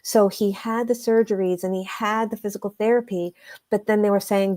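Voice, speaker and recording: A woman guest, an energy healer, telling stories in a conversational way, earnest and emphatic, slowing down to stress her points. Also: medium pitch, fairly even intonation, a little mellow. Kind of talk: conversational storytelling.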